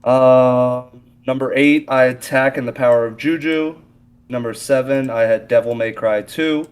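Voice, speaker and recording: A man joining a podcast as a guest, chatting in a relaxed, hesitant way. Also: mid-range voice, measured pace, smooth. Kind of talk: casual podcast chat.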